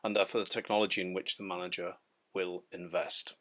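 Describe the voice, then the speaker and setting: A man from the United Kingdom giving a measured, explanatory business lecture over slides, with frequent ums and self-corrections. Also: low voice, flat delivery, sharp tone.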